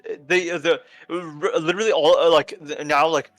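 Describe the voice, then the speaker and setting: A man narrating a tabletop game as game master, halting with many fillers and restarts. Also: fairly high pitch, fairly even intonation, a bit bright, no room sound, faint music behind.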